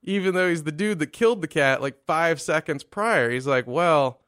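A man's voice: fairly high pitch, animated, normal speed, fairly bright tone, no room sound, studio quality. A man telling a crude story in casual chat, sarcastic and profane, often putting on the voices of the people in it.

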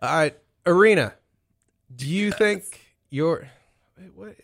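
A man's voice: fairly high pitch, lively intonation, slow pace, gravelly, a bit bright, no echo, studio quality. Blunt, profane man in casual banter.

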